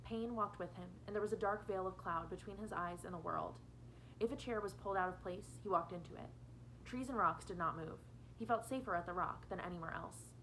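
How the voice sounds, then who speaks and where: A woman's voice: medium pitch, fairly quick, a bit bright, a little hiss or hum, rough recording. A woman teacher reading a novel aloud to her students, changing her voice for each character.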